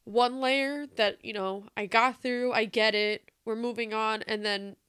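A woman's voice: on the high side, steady tone, unhurried, a bit bright, clean tone, dry recording, studio quality. A young woman hosting a podcast, talking candidly and emotionally about her own life, with frequent fillers and swearing. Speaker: podcast host. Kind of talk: personal reflective monologue.

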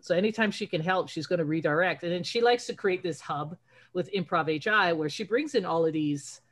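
A woman co-hosting a podcast, talking casually and laughing along. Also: lowish voice. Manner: chatty, quick to laugh along. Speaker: podcast co-host.

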